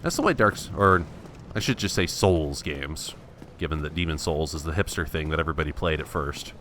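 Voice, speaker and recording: A man's voice: very deep voice, a little fast, a bit bright, slight background noise. A man thinking aloud in wry, self-mocking let's play commentary, restarting his sentences often. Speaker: gameplay commentator.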